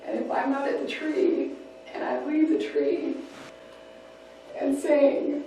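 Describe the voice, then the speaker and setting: A woman giving a parenting workshop talk, lively and acting out little scenes as she teaches. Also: high voice, slow, creaky, pauses often, slight background noise. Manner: lively, acts out scenes in voices. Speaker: parenting class speaker. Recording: echoey room, mic far off.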